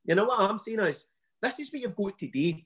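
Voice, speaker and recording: A husky, fairly high-voiced man with a West of Scotland accent, talking as a coach on a podcast. He speaks in an emphatic, blunt and animated way, full of local slang. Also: brisk. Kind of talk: podcast interview, motivational talk.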